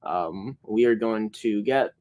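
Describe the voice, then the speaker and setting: A man's voice: fairly low pitch, takes it slowly, a little mellow. Rambling man hosting a sports stream. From Canada. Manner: rambling, frequent filler words and self-corrections. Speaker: sports show host. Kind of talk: casual live-stream sports show hosting.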